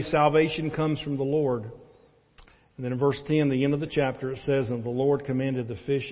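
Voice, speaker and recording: A pastor preaching a sermon, swinging from loud emphatic peaks down to low, quiet stretches. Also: male voice, slightly rough. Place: church sanctuary. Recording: dull lo-fi church audio with long reverb.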